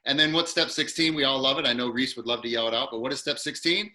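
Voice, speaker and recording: A man teaching an online acting class, quickly and encouragingly walking a student through numbered steps over a video call. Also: mid-range voice, sharp tone. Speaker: acting coach.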